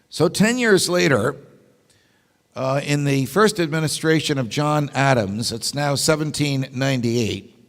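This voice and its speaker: Delivering a lecture-style keynote in a large meeting hall, this man tells stories emphatically, poses rhetorical questions and slips in wry asides. His voice sits on the high side with a slightly bright quality. Long hall reverb colors the recording.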